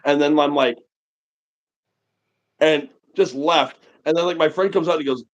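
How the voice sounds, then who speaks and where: A livestream host in his forties from New England talks at a moderate pace in a fairly high voice. Muffled lo-fi audio carries his long, casual, animated story, which wanders and fills up with filler words.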